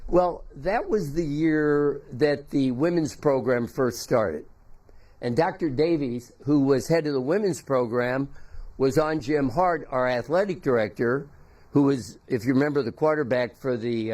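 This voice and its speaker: An older man giving a memorial tribute, telling folksy, halting anecdotes about a former teammate. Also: medium pitch, darkish tone.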